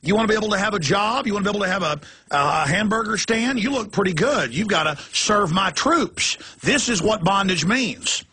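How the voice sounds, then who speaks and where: A man's voice: high-pitched, lively intonation, a little fast, few pauses, sharp tone, slight background noise, voice pushed up. A man doing a smug, leering boss. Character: arrogant male elite boss leering and demanding.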